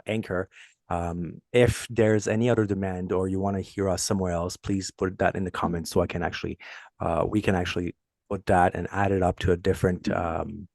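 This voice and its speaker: A man with a French accent co-hosting a podcast in casual chat, talking in halting bursts with frequent restarts and fillers. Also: deep voice, a little mellow, no echo, clean studio sound. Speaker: podcast co-host.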